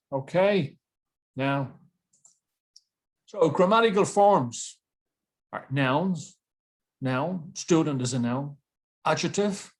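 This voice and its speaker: A man teaching an online English lesson to a webcam, playful and jokey, repeating words for drilling. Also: on the high side.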